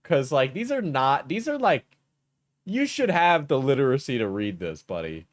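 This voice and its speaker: A man's voice: medium pitch, sing-song, moderate pace, no echo. New York guy riffing on stream, mocking and crude, very dry mic. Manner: crude, mocking, talks over the video. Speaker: streamer reacting to a video. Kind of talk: casual live-stream commentary.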